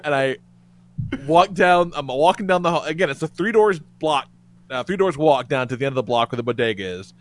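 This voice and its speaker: A man tells a story on a casual podcast, cursing freely and often laughing. His voice sits fairly high and swings widely in pitch. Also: brisk. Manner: animated, profane, laughs through the story. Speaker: podcast co-host.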